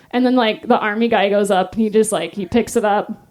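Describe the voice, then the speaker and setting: A woman stand-up comedian telling a story on stage, animated and self-deprecating, laughing often. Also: medium pitch, a little fast. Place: live stage.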